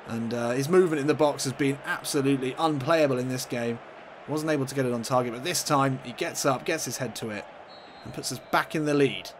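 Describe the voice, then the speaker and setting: A man's voice: mid-range voice, fairly bright tone, a little hiss or hum. A man commentating over his own football video game in a mock sports-broadcast style, swinging into exasperated outbursts. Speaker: gaming commentator. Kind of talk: let's-play football commentary.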